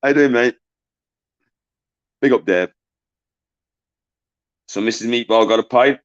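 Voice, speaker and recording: A man hosting a live-stream quiz in casual chat. He swears often, jokes and shouts greetings to viewers. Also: medium pitch, a little slow, muffled recording. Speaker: livestream quiz host.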